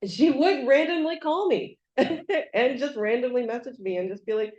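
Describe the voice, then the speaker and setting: Woman giving a halting, tender eulogy. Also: high voice. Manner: halting, emotional, many fillers, bursts of excitement. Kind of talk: memorial speech. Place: event venue room. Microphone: handheld microphone. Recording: dull lo-fi venue audio.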